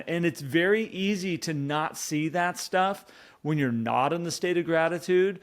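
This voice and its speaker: A man co-hosting a podcast in casual conversation, animated and fond of acting out his own inner dialogue. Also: fairly high pitch. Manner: animated, acts out inner dialogue in quoted voices. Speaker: podcast co-host.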